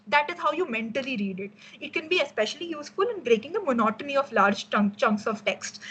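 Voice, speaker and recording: Slightly husky young woman teaching design. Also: fairly high pitch, fairly bright tone, low-quality recording. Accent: Indian English. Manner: casual explanatory, frequent fillers and restarts. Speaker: workshop mentor. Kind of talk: online workshop lecture.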